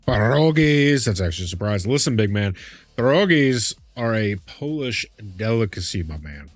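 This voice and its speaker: A man's voice: on the low side, sing-song, normal speed, no echo. A man streaming a game live, chatting casually with viewers in a chummy way and calling them big man. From Midwest US. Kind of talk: casual live-stream chat while gaming.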